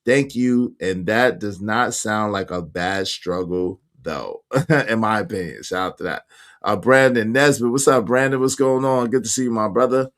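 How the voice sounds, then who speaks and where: A man's voice: fairly low pitch, moderate pace, fairly bright tone. A man hosting a casual livestream, reading viewer comments aloud in a slangy, emphatic way with speech and frequent laughter. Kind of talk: casual chat.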